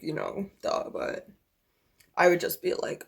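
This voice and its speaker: A woman's voice: fairly low pitch, huge pitch swings, unhurried, gravelly, a little mellow, husky. Rambling, venting young woman vlogger. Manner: rambling, filler-heavy, blunt and profane; venting, exasperated. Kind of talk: casual chat.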